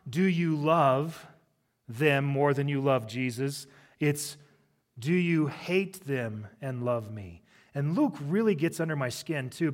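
Middle-aged pastor guy preaching, chatty and jokey, bit high voice. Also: fairly bright tone. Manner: conversational preaching with humorous asides. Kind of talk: sermon.

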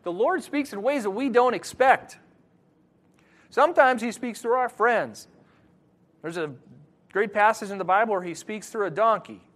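A man preaching a sermon to his congregation, moving between quiet scripture reading and loud, animated emphasis. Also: high-pitched, normal speed, pauses often. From Wisconsin, USA. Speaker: pastor.

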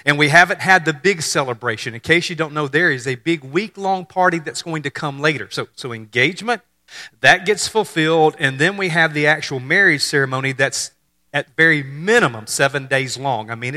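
A man in his fifties preaching in a loose, conversational style, often doubling words as he restarts. His voice is bright and forward, pitched a little high for a man. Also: normal speed. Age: 50s. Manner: conversational, repeats words on restarts, jokes with the congregation. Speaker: pastor. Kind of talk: sermon.

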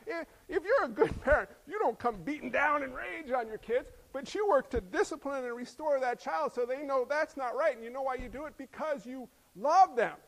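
A middle-aged man preaching a sermon, animated and acting out voices as he tells stories. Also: very high voice, normal speed, creaky, hardly any pauses. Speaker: pastor.

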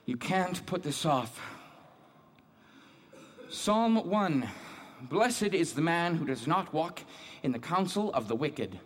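An actor performs a dramatic monologue as a devout, troubled man reading scripture alone, who keeps questioning his own guilt and faith in a searching, self-doubting way. His voice is a little high with lively intonation, and he speaks slowly with long pauses.

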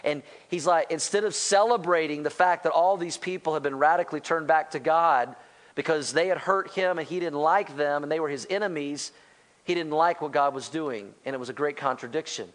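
Male pastor, bright high voice, animated conversational sermon, voices the quotes himself. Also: brisk. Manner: animated preaching, voices quotes, asks the congregation.

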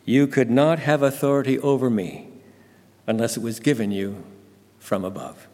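A man voicing a calm, firm prisoner who speaks quietly. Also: medium pitch, moderate pace, lightly acted. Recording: long hall reverb.

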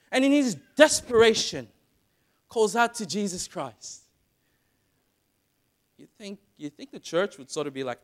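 A man preaching a sermon in a fairly high voice that swings widely in pitch. He moves from soft, close asides to loud, dramatic passages. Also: sing-song, moderate pace, pauses often.

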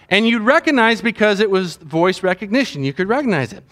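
High-voiced man preaching a conversational sermon. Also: sing-song, a little fast, hardly any pauses, pushed and bright. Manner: earnest, conversational preaching with asides to the audience. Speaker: pastor.

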